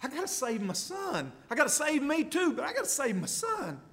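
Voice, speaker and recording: A man's voice: high-pitched, lively intonation, a little fast, pushed and bright, pitched above the performer's own voice, full character voice. A man voicing a desperate father trying to save his son, urgent and strained.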